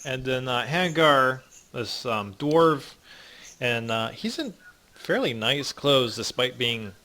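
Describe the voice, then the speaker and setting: A young man as dungeon master, narrating a tabletop game with many ums and pauses. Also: medium pitch, animated, pushed and bright. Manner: halting, many ums, voices gruff figures in passing.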